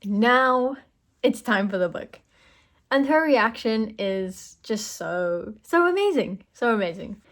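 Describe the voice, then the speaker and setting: A woman's voice: mid-range voice, takes it slowly, a bit bright. A woman hosting a book channel, narrating clips in a loose, chatty commentary with casual fillers.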